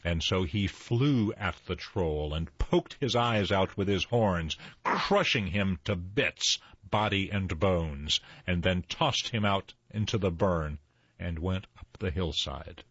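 Deep-voiced older man reading a story. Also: slightly rough, no echo. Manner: slow, expressive storytelling. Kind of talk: reading stories aloud. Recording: slightly dull dry recording.

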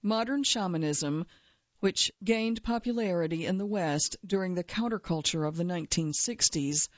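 A woman's voice: on the low side, moderate pace, dry recording, highs cut off. A woman journalist telling a first-person feature story in a wry, dry way. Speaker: journalist narrator.

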